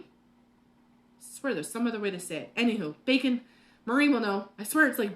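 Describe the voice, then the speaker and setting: A woman's voice: fairly high pitch, expressive, moderate pace, pauses often, a bit bright. A woman hosting a live cooking class from her home kitchen, chatting and rambling with lots of fillers and laughs. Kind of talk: live cooking demo chat.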